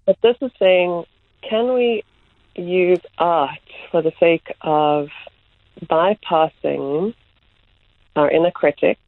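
A woman who runs art workshops, a guest explaining her approach in measured speech that slows on key words. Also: on the low side, no echo. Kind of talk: reflective interview answers. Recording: phone-like line, dry.

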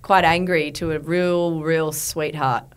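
Aussie lady in her 30s, podcast host, lowish smooth voice, rambly casual chat into a studio mic. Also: level tone, takes it slowly. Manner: chatty, rambling with filler words.

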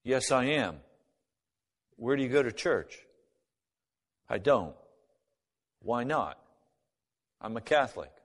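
A man's voice: mid-range voice, sing-song, slow, pauses often. A man giving a spoken personal testimony, acting out both sides of remembered conversations as he tells the story. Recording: long hall reverb.

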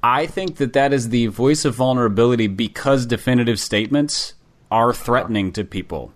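Podcast co-host guy, mid pitch, says stuff flat-out like it's settled. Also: a little fast. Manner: explains theories in firm, definitive statements. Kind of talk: casual podcast discussion.

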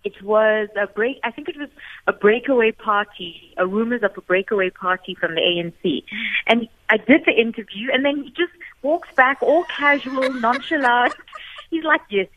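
A woman's voice: fairly high pitch, normal speed. A South African woman, a former radio co-host, telling stories in a tribute chat and acting out the quotes she tells. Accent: South African English. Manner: warm storytelling, acts out quotes. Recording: tinny phone line, dry.

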